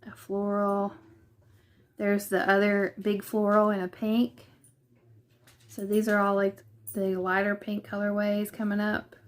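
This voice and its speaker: A woman's voice: mid-range voice, completely flat delivery, a little slow, long pauses. A woman with a Southern US accent chatting casually through a quilting unboxing in her living room, hesitant and thinking aloud as she goes. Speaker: vlogger.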